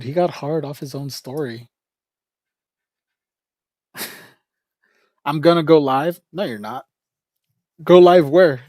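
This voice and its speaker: A man's voice: on the high side, a little mellow, no room sound, studio quality. A man livestreaming in a casual, rambling chat, joking with viewers, laughing often and calling people "bro".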